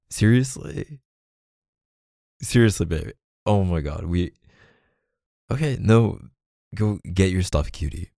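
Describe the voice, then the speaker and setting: Mellow low guy, dry close sound, tender boyfriend whispered role-play. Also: expressive, measured pace, gravelly, long pauses, no echo. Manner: soft-spoken, hesitant, affectionate. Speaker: ASMR boyfriend roleplay creator.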